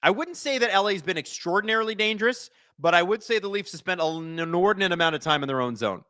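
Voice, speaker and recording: A man's voice: sits high, fast. A man hosting a live watch-along stream, commenting on the game, joking and reading out viewers' chat messages. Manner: excitable, joking, chats with viewers.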